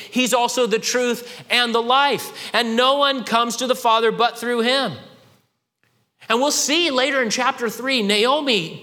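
A man preaching a sermon with animated delivery, acting out the voices of people in the scripture he quotes. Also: extremely high pitch, long reverb tail. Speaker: pastor.

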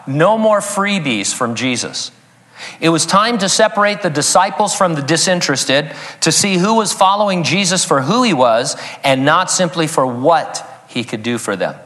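Man, pastor, sermon, jokey asides, slightly high voice, long reverb. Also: a bit bright. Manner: joking asides, chuckles at own jokes. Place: church sanctuary.

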